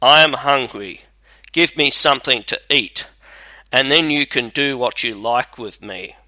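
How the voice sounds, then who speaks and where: A man's voice: medium pitch, a little slow, sharp tone, no echo, poor audio. A man voicing a bold, hungry soldier with a hearty, plainspoken manner in a storybook reading. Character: hungry bold male soldier, fearless and blunt.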